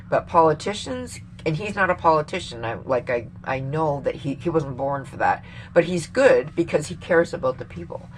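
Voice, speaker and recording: Vlogger, woman, low-pitched, rambling and profane, quick to laugh. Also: a little hiss or hum. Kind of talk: casual opinion rant to camera.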